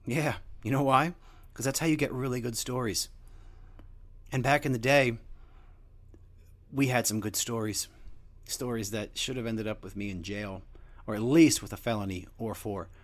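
A man's voice: mid-range voice, steady tone, moderate pace, long pauses. A young man hosting a show, rambling through a crude, joking casual monologue. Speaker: podcast host.

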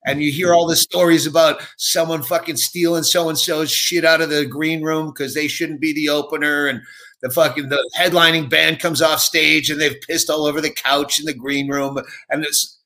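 Bright-voiced profane male comedian. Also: on the high side, normal speed. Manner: profane, animated anecdotes. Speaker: comedian guest. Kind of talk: casual storytelling on a podcast.

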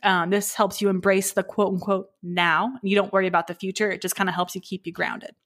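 A woman's voice: medium pitch, little pitch movement, a little fast, a bit bright. A young woman co-hosting a casual podcast chat, upbeat and jokey, laughing often. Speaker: podcast co-host.

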